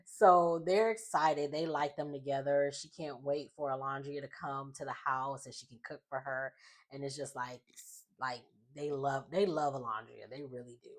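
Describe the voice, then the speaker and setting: A woman with a low voice casually retells a reality show episode. She rambles, trails off into fillers and laughs a lot as she goes. Her delivery is loose and chatty, like talking to a friend. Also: steady tone, normal speed. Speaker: reality-show recap vlogger. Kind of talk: casual chat recap.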